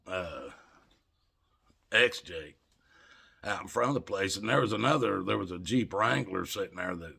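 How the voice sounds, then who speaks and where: A man's voice: low voice, creaky, sharp tone, slightly rough. An older man, a vlogger, telling rambling, folksy everyday stories straight to his viewers and chuckling along the way. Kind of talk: casual storytelling.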